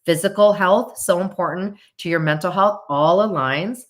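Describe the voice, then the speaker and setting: Low-voiced woman therapist chatting on a livestream. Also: moderate pace. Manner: chatty and reflective, thinking aloud. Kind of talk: livestream chat with viewers.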